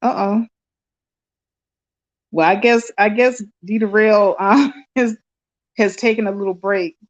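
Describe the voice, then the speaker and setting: A woman's voice: mid-range voice, a little slow. A woman hosting a live online chat stream, effusive and full of fillers and restarts. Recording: dull lo-fi stream audio.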